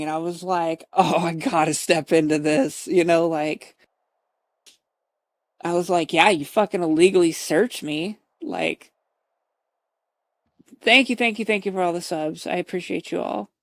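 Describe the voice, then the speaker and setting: A woman's voice: medium pitch, dry recording. A woman streamer chatting casually to her viewers, laughing often and swearing as she retells a roleplay scene.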